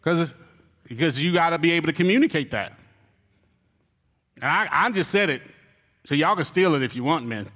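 Man, church elder, humorous sermon, high pitch, reverberant hall. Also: brisk, long pauses. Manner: animated, joking and teasing the congregation.

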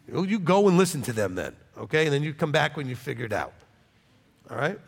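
Blunt, lively-voiced male preacher. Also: on the high side, a little fast, vocal fry, breathy edge. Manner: blunt, combative, conversational. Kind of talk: informal Bible teaching. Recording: long reverb.

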